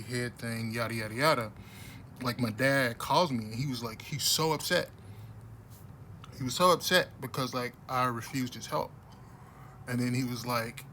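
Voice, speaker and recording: A man in a casual monologue talks bluntly, often restarting his sentences and growing heated as he pushes his point. His voice has a sharp, forceful edge at an ordinary pitch. Faint background hiss sits under the recording. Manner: blunt, rambling, many restarts. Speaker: vlogger.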